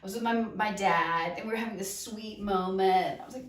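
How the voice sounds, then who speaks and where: A woman's voice: mid-range voice, moderate pace. A woman hosting a casual talk and telling her own funny stories, laughing often mid-sentence. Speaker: laughter coach and host. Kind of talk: casual storytelling. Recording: echoey room, mic set at a distance.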